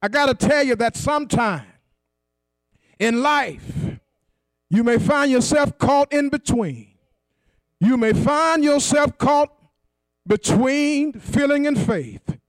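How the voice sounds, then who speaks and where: A male preacher, delivering a sermon in a whooping, sing-song cadence, often shouting and asking the congregation for response. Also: very high-pitched, lively intonation, slow pace, long pauses, no echo, studio quality.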